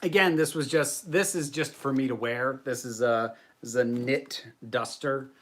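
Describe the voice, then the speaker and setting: A man's voice: medium pitch, normal speed. A man hosting a casual livestream. He chats and answers viewer comments in a self-deprecating way. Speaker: host.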